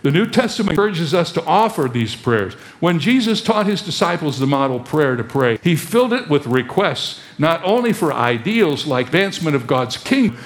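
A man preaching a sermon as pastor, animated and fond of rhetorical questions. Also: a little high.

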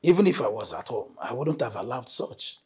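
A man playing a raspy, authoritative wealthy chief. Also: medium pitch, sing-song. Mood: measured. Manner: measured, authoritative. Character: wealthy, measured male head of house.

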